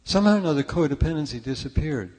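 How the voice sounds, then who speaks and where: Racing through a story-filled sermon at a spiritual church service, an older man sounds animated, his high-ish voice darkish in tone. A long reverb tail fills the sanctuary as he chats self-deprecatingly and often restarts sentences.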